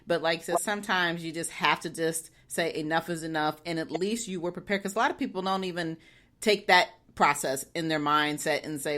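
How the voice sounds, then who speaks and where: A woman hosting an interview in a low voice. She encourages her guest and affirms often. Her tone stays conversational. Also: steady tone, a little fast, fairly bright tone. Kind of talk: casual interview.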